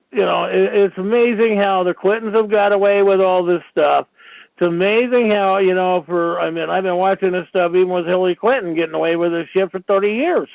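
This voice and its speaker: A man's voice: high-pitched, creaky, no echo. A man hosting a talk radio show, ranting in a rambling monologue packed with "you know"s, on dull lo-fi audio. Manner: ranting, filler-heavy, many "you know"s.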